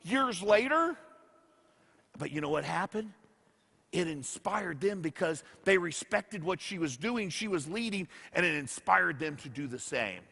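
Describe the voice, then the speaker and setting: Speaking at a measured pace in an echoey hall, a man gives a motivational speech, weaving stories and acting out others' words to him. His high-pitched voice is expressive, creaky, pushed and bright, with slight roughness.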